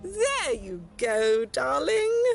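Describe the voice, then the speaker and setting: A woman's voice: sits high, big pitch swings, drawn-out words, gravelly, faint music behind, exaggerated voice. An actress voicing a condescending, snobbish noblewoman in a video game, sweetly patronizing and calling everyone darling.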